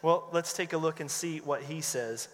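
Man, pastor, sermon, high-pitched, animated storyteller, long church-hall reverb. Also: normal speed, slight background noise. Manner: animated storyteller who acts out quoted voices.

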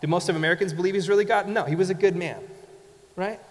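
A man's voice: sits high, fairly even intonation, racing. A man preaching a sermon as a pastor, telling stories in a conversational way and asking rhetorical questions. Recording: long hall reverb.

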